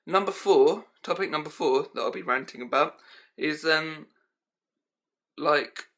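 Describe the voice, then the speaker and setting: A young male vlogger rants casually through a list of pet peeves, rambling and full of fillers like "um" and "like," filmed on a handheld camera at home. His voice is on the high side, pushed and bright, and a little slow.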